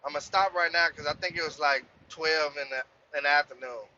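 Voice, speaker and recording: A man's voice: a little high, fairly quick, dull audio, slight background noise. A young man, a truck driver, telling a profane, heated story about his work in a casual rant. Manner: profane, animated, heated when quoting himself.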